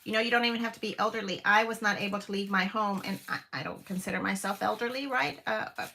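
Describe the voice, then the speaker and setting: A woman in her fifties hosts a casual live crafting stream from home, gushing over each piece, exclaiming often and using lots of fillers. Her medium-pitched voice is fast, creaky and sharp-toned.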